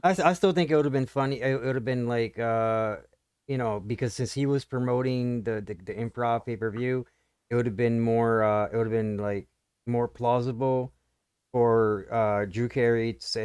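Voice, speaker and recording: Podcast guy, smooth clear voice, dry sound, kinda rambles and restarts. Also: medium pitch, a little mellow, no echo. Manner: rambling, halting, with many restarts. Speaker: podcast co-host. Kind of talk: casual wrestling chat.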